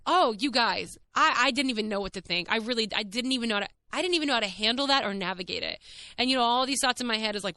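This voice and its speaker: A woman hosting her own podcast, telling a personal story in a candid, casual way, animated and full of "like" and the odd swear word. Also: fairly high pitch, fast. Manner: frank, animated, heavy use of "like". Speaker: podcast host.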